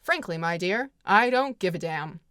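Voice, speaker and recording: A smug, cold leading man, as a woman mockingly puts him on, sneering in a clear, bright voice. The sound is dry and close to the mic. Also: lowish voice, animated, normal speed, no room sound, pitched below the performer's own voice. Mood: dismissive.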